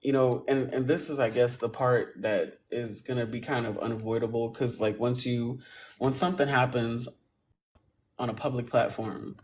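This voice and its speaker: A man joining a live stream argument, talking haltingly with pauses and restarts. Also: medium pitch, steady tone, darkish tone, a little hiss or hum. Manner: halting and hesitant, full of restarts. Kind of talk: heated livestream argument. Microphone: phone on a live stream.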